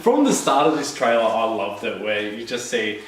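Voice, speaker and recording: A man's voice: medium pitch, big pitch swings, moderate pace, a little hiss or hum. Easygoing Australian man in a very echoey room. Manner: easygoing, laughs often. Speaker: podcast host. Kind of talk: casual chat. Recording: very echoey room, distant mic.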